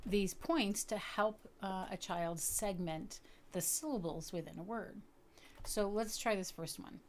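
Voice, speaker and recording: A woman's voice: lowish voice, a little hiss or hum. Patient woman teaching a reading lesson. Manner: patient, explanatory, checks in with "okay?"; sounds out words slowly. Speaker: literacy teacher. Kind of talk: instructional video lesson.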